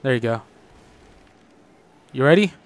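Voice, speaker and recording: A young man hosting a gaming channel, chatting casually and reacting excitedly while playing a co-op game with a friend. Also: mid-range voice. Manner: excitable, joking, quick reactions. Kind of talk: casual co-op gameplay chat.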